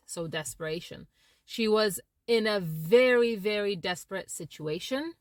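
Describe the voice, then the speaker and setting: Female interpreter explaining her craft; animated, vocal demonstrations, dry recording. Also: mid-range voice, dry recording. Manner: expressive, shifts tone to illustrate points. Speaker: interpreter and language teacher. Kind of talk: educational talk to camera.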